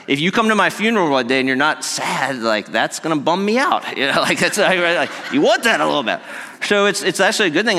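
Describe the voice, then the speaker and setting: A male pastor preaches in a relaxed, conversational way that turns earnest and lively when he makes a point. His voice sits at a middle pitch for a man, and a long reverb trails after his words. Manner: earnest and animated, with fillers and laughs. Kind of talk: conversational sermon.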